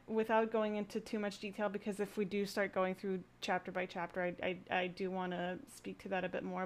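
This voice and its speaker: A woman with a mid-range voice joins a casual podcast chat as a guest. She speaks earnestly and a little hesitantly, often pausing and restarting as she gathers her thoughts. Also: medium pitch.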